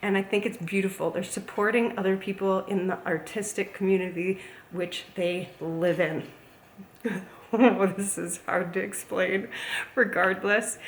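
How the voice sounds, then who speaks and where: A woman's voice: mid-range voice, fairly bright tone, a little hiss or hum. A woman chatting casually as a plant YouTuber, gushing and playful. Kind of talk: casual vlog chat. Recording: echoey room, faint ambience.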